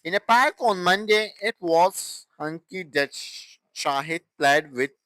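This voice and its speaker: Male grammar teacher, higher voice, slow and halting delivery, dry close sound. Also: animated, a bit bright, no room sound, poor audio. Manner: halting, with restarts and broken phrasing. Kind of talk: classroom grammar explanation.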